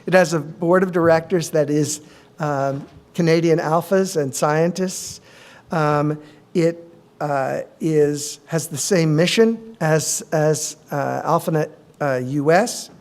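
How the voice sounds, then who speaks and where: A middle-aged male physician giving a conference presentation, measured, with frequent ums and uhs. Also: on the high side.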